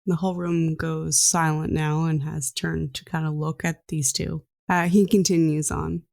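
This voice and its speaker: A woman's voice: deep voice, flat delivery, unhurried, vocal fry, few pauses, a little mellow. A woman narrating as game master of a tabletop game in a casual, filler-laden way.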